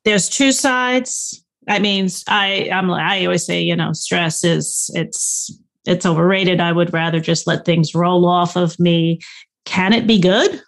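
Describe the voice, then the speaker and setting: Low-voiced, unhurried woman interviewer. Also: steady tone, creaky. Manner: affirming, musing, with repeated restarts. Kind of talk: interview conversation.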